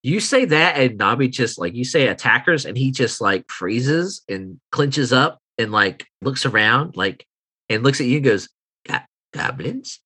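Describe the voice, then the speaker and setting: A man running a tabletop game as game master, narrating scenes with chuckles and halting descriptions. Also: medium pitch, animated, sharp tone, breathy edge.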